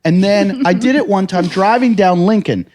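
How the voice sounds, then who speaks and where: An American comedian and host spins a long anecdote in relaxed conversation. His voice sits a little on the high side, and he swears freely, throwing himself into shouted quotes of what he said. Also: moderate pace. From United States. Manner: animated storyteller, shouts quoted lines, swears a lot. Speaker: podcast host, stand-up comedian. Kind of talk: casual storytelling chat.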